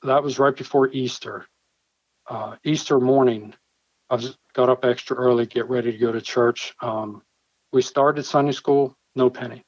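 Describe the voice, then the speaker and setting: A man's voice: mid-range voice, steady tone, moderate pace, dry recording. A man, a church pastor and former Marine, telling a personal story in an interview, vividly acting out the dialogue he quotes. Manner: earnest, vivid storyteller who acts out his own quoted dialogue. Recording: dull, slightly lo-fi dry recording.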